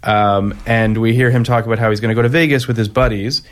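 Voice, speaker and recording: A man's voice: mid-range voice, steady tone, fast talker. A man co-hosting a casual movie podcast, wry and sarcastic, often laughing as he talks. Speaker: podcast co-host. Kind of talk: casual movie review chat.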